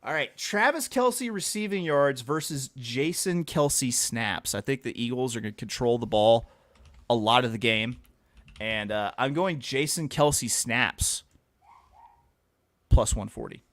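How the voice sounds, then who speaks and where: A man's voice: medium pitch, lively intonation, a little slow, fairly bright tone, no room sound. A man co-hosting a casual sports betting podcast, joking and quizzing his co-host as he reads out his picks.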